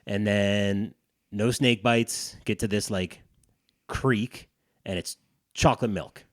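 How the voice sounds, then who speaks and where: A man co-hosting a podcast, telling an animated, profane story in casual chat. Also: fairly low pitch, slow, no echo, studio quality. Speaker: podcast co-host.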